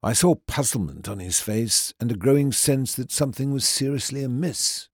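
A man narrating a story in the first person, with a measured, even delivery. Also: mid-range voice, breathy edge, dry recording, studio quality. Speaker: audiobook narrator.

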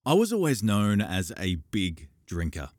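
A man reading audiobook narration in a measured, expressive way. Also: lowish voice, dry recording, studio quality.

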